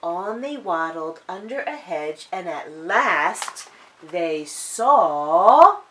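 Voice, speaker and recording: Woman storyteller, sing-song, bright voice, slow, expressive. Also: fairly low pitch, a little hiss or hum. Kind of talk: children's story reading.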